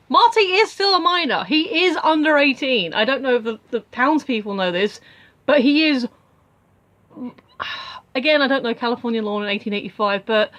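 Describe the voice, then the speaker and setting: A young woman casually recapping a film as a reviewer, rambling with many asides. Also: fairly high pitch.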